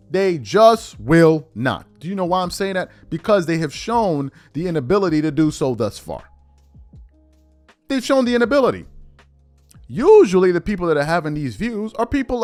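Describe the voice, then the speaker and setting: A man hosting a sports podcast, giving emphatic, repetitive commentary on a clip he just played. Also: fairly high pitch. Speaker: podcast host.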